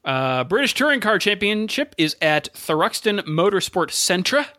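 A man's voice: high-pitched, sing-song, measured pace, pushed and bright, dry recording, clean studio sound. A man co-hosting a casual motorsport podcast, running through standings and race listings with frequent self-corrections. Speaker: podcast co-host.

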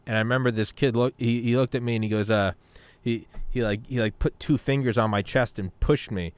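A man in his thirties hosting a podcast, telling stories in an animated, casual way, swearing freely and repeating words. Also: medium pitch, brisk, clear, resonant tone, no room sound. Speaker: podcast host. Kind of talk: casual storytelling chat.

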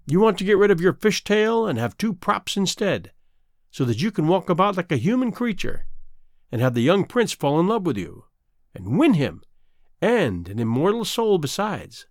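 A man's voice: high voice, very animated, normal speed, a little mellow, dry recording, clean studio sound. A man voicing a cruel, mocking old female sea witch in a storybook reading, with a gloating, menacing delivery.

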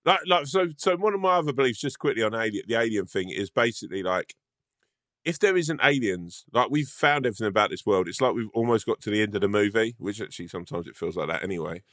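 A man's voice: on the low side, expressive, fast, a bit bright, no room sound, clean studio sound. A man co-hosting a podcast, laughing often and swearing freely in casual comedic chat. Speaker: podcast co-host.

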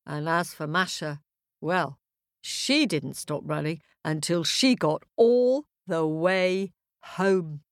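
A woman tells a children's fairy tale slowly and expressively, dropping into chanted sound effects. Her voice sits a little low, and the recording is dry and close. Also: no echo. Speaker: storyteller. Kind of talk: children's story narration.

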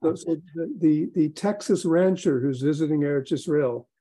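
Brief: male guest expert, husky dark voice, storytelling with lively emphasis. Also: on the high side, moderate pace, low-quality recording. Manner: explanatory, storytelling, animated emphasis. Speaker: guest expert, rabbi and psychologist. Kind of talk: podcast interview.

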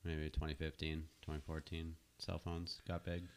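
Deep-voiced man, matter-of-fact. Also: level tone, moderate pace, slight background noise. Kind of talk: casual chat.

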